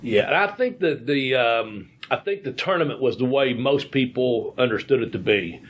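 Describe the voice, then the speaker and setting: A man's voice: mid-range voice, lively intonation, normal speed, dull audio, a little hiss or hum. A man, a podcast host and former wrestler, telling rambling anecdotes full of fillers and restarts. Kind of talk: casual storytelling chat.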